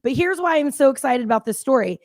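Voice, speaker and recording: A woman's voice: sits high, lively intonation, fast, a little mellow. A woman co-hosting a casual chat show, telling stories in a blunt, fiery way. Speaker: co-host.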